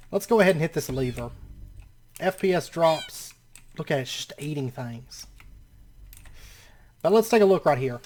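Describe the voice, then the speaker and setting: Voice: medium pitch, a little mellow. A host giving casual gameplay commentary, often laughing and exclaiming in disbelief, rambling and correcting themself as they narrate each action. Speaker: let's play host.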